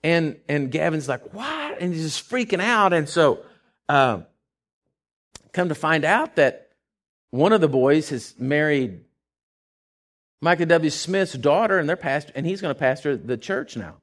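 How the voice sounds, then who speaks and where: A man's voice: a little high, animated, unhurried, long pauses, fairly bright tone. A man preaching a sermon, telling a story in a conversational way and building to emphatic, repeated declarations. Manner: conversational with frequent fillers and restarts.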